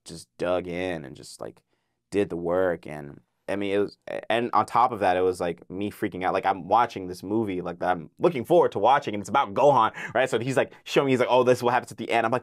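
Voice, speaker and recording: A young man, a voice actor guest, telling an excited story in a casual interview, full of filler words and acted-out quotes. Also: lowish voice, fairly quick, no room sound, clean studio sound.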